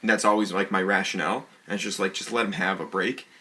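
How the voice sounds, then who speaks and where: A man on a casual podcast who chimes in with quick wry remarks and agreement. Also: low voice, fairly even intonation, pushed and bright, slight background noise. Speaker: podcast co-host. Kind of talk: casual chat.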